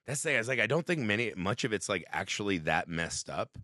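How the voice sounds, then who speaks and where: A man's voice: lowish voice, fast, no room sound, studio quality. A young man co-hosting a movie podcast, talking casually and profanely and acting out lines from films. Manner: profane, animated, acts out movie quotes. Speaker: podcast co-host. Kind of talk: casual chat.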